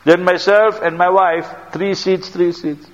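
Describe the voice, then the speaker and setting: South african preacher guy, highish voice, storytelling sermon, echoey hall, muffled recording. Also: fairly even intonation, measured pace. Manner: anecdotal, repetitive, non-standard grammar. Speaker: Islamic preacher. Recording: reverberant hall, dull lo-fi sound.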